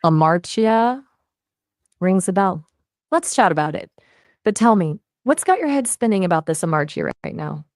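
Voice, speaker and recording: A synthetic-sounding woman's voice as an AI conversation partner, upbeat and playful, with lively jumps in pitch. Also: normal speed, no echo, clean studio sound. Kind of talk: chatty voice assistant conversation.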